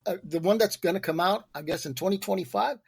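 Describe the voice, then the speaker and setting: A man's voice: high voice, fast, gravelly, slightly rough, no room sound. A man co-hosting a casual podcast, speaking loosely with many fillers. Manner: loose, filler-heavy talk. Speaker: podcast co-host.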